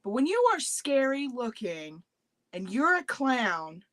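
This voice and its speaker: A woman's voice: on the high side, slow, no room sound. A young woman co-hosting a casual chat show, telling stories with lots of swearing and acting out her own panicked squeals. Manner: animated storyteller, swears freely, acts out panicked squeals. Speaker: podcast co-host.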